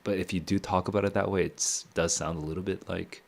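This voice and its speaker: A man with a notably low voice reads a novel aloud on his stream. He stops often to muse on what he has read and chuckles as he goes. It is a relaxed, unscripted read-and-react session. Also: a little fast, creaky. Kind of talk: casual reading and reacting.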